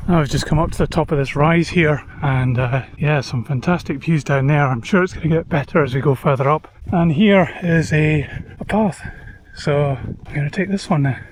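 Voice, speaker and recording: A man narrating his hill walk casually to the camera, relaxed and self-deprecating, pausing often on "uh" while outdoors on an open hillside. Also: fairly high pitch. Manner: chatty, relaxed, self-deprecating, with frequent "uh" pauses. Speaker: hiking vlogger. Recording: outdoor recording with wind noise.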